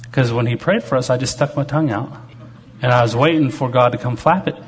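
A man's voice: medium pitch, a little fast, a little hiss or hum. A man preaching to a congregation, telling stories from his own life in a conversational, humorous way. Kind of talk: testimony-style sermon.

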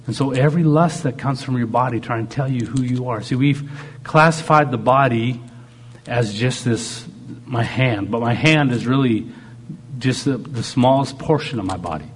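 A man's voice: mid-range voice, normal speed, breathy edge. A man preaching a sermon. He talks animatedly and acts out God speaking in short quoted lines. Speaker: pastor.

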